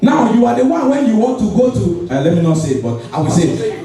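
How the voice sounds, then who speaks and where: A man with a Nigerian English accent preaching a lively sermon and acting out members of the congregation in little skits. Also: high voice, fast talker, over music, a crowd in the background. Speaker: pastor. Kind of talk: lively church sermon with call and response. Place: large church hall. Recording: echoey church hall, voice from a distance.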